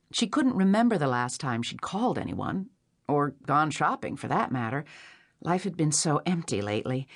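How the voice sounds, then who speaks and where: Woman narrating a novel, lower voice. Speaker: audiobook narrator. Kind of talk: scripted narration.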